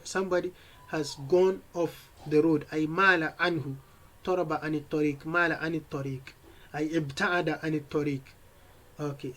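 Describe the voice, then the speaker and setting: A man's voice: on the high side, low-quality recording. A man teaching an Arabic lesson, reading lines of a poem and explaining each word in English, with frequent restarts. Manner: reads verse slowly, then explains in English with restarts.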